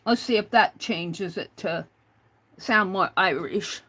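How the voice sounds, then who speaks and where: A woman's voice: medium pitch, slow pace, fairly bright tone. A woman hosting a casual livestream, chatting with viewers, reading their comments aloud and spelling out words letter by letter. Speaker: livestream host.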